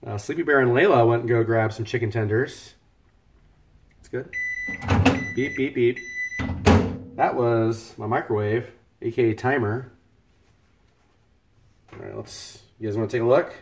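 A man's voice: medium pitch, fairly quick, heavy background noise. A man talking loosely and cheerfully while he cooks on a livestream. He jokes around and thanks viewers by name, with an ordinary mid-range voice. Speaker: cooking livestreamer. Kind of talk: casual live-stream chat while cooking. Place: home kitchen.

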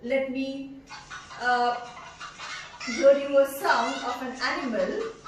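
A woman, teaching preschoolers slowly and in a sing-song way. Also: high voice, fairly even intonation, slight background noise. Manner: sing-song, slow and drawn out, imitates animal sounds. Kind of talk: teaching young children. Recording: echoey room from far off.

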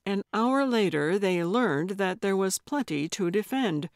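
Unhurried woman narrating an audiobook. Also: mid-range voice, lively intonation, no echo, studio quality. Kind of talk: scripted narration.

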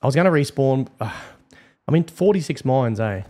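A man's voice: medium pitch, animated, unhurried, dark tone. A man with an Australian accent gives casual, blunt gameplay commentary as a server admin. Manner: casual, blunt, swears freely.

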